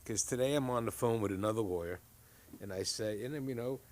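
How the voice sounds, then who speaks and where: A middle-aged man settles into a stand-up anecdote with dry, conversational timing. His voice sits slightly low. He sounds like an experienced professional talking off the cuff. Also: fast, darkish tone. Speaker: lawyer doing stand-up.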